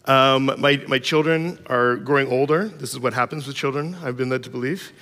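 A man's voice: medium pitch, normal speed, fairly bright tone. A man preaching a sermon as a pastor. He tells humorous stories in an informal style with many fillers. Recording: long reverb of a large hall.

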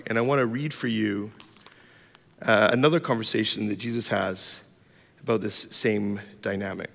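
A man's voice: fairly low pitch, fairly even intonation, moderate pace, creaky, a bit bright. A man preaching a sermon as a pastor. He tells humorous stories in an informal style with many fillers. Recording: long reverb of a large hall.

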